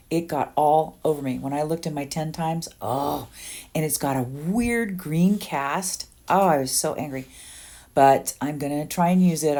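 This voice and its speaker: A woman in her sixties with a low, mellow voice talks through her makeup at home as if chatting with friends. She rambles a little, trailing into ums and side remarks as she works. Her tone stays easygoing and conversational. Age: 60s. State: under the weather. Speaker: beauty vlogger. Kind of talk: casual get-ready-with-me makeup tutorial.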